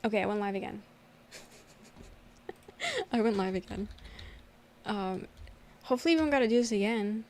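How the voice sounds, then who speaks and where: A young woman streamer telling a story in a casual livestream chat, animated and laughing often. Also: medium pitch, fast, long pauses, slight background noise.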